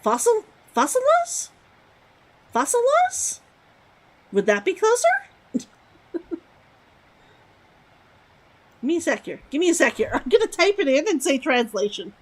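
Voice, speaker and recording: A woman's voice: sits high, sing-song, normal speed, long pauses, low-quality recording. A woman streaming a game, chatting casually and musing aloud as she reads lore text from the screen.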